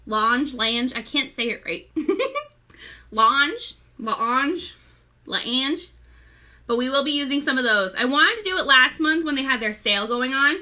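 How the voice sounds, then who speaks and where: A young, pregnant makeup seller runs a casual live-stream tutorial, greeting viewers by name, chatting away and often sounding breathless. She has a high, animated voice, pushed and bright, at a normal speed.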